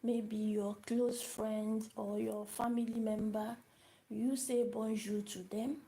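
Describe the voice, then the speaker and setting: A woman gives a live beginner lesson, speaking slowly and going over each word several times. Her voice sits a little high, with a gravelly, creaky edge and a mellow, dark tone. Recorded on a phone. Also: level tone, poor audio. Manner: repeats words and asks the viewers questions. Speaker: language teacher.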